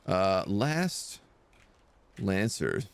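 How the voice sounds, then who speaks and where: A man talks through a video game stream, his pitch jumping up and down as he chats and reads the on-screen lines aloud. The sound is dry and close to the mic. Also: huge pitch swings, very slow, vocal fry, smooth, dry recording. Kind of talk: casual game commentary.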